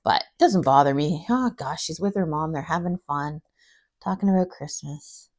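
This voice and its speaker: A middle-aged woman chatting casually to camera as a craft vlogger, rambling through everyday stories with many fillers and animated bits when she quotes people. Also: sits low, normal speed. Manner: animated when quoting others.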